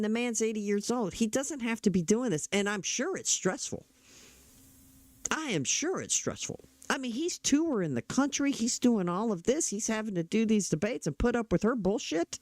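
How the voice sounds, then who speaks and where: A man's voice: sits high, darkish tone, no echo. A middle-aged man talking politics in a casual, blunt, opinionated way, often restarting his sentences. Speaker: political commentator.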